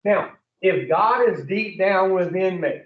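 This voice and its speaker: High-voiced man preaching bluntly in an echoey room. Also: takes it slowly. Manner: blunt and profane, peppers the group with questions. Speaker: addiction recovery speaker. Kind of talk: preaching-style group talk. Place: room with a group. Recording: echoey room, distant muffled mic.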